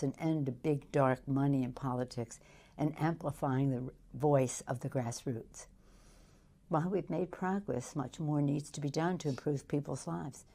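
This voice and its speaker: An older woman politician reading a campaign announcement in a slow, deliberate way. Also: very deep voice, dark tone.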